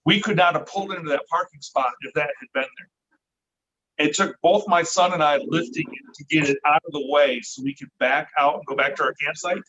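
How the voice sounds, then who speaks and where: Middle-aged man telling a lively tale. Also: a little high, moderate pace. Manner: lively, swearing, acts out the voices he quotes. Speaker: podcast guest. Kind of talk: casual storytelling. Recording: dull lo-fi recording.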